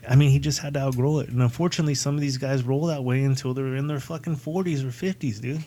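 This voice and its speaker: A man's voice: medium pitch, steady tone, fast talker, warm tone. A middle-aged man co-hosting a podcast, laid-back and casual, swearing now and then. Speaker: podcast co-host. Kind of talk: casual chat.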